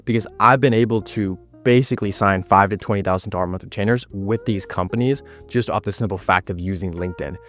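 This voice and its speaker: A young man talks business straight to the camera with hard confidence, leaning on repeated words to drive each point home. His voice sits low, and faint music plays underneath. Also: quick pace, few pauses, fairly bright tone. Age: young adult. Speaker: agency owner giving business advice. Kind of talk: direct-to-camera business vlog.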